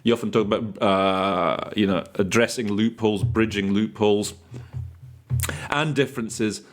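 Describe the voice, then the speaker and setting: A man's voice: lowish voice, measured pace, soft background music. A man coaching interpreters in a casual teaching talk, thinking aloud with fillers and restarts and telling chatty anecdotes.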